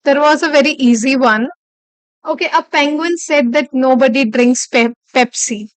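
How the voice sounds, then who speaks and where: A woman's voice: sits high, moderate pace, smooth, no echo. A woman instructor giving a live online lecture, explaining step by step, repeating key phrases and checking in with "okay".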